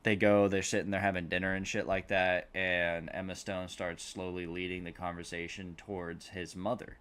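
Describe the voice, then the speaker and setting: A man's voice: low voice, little pitch movement, normal speed, fairly bright tone, clean tone. A man on a podcast rambling through a film plot, swearing freely and acting out the characters' lines. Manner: rambling, swears a lot, acts out quotes. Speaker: podcast host. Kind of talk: casual movie recap.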